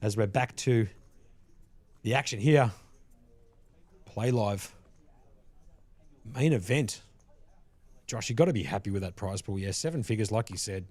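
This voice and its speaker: A man commentating a live poker stream from a commentary box on a headset mic, relaxed and chatty, with frequent laughs. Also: on the low side, unhurried, long pauses, husky, no room sound. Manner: easygoing, laughs often, chatty asides.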